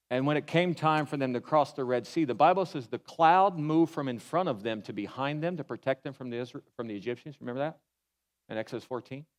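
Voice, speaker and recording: A pastor giving a sermon in an animated, folksy way, mixing humor into his storytelling. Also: mid-range voice. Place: church.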